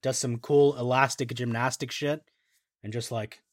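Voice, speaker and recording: A man's voice: mid-range voice, steady tone, normal speed, no room sound, studio quality. A man co-hosting a podcast, recapping a scene in offhand, profane casual chat. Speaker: podcast co-host.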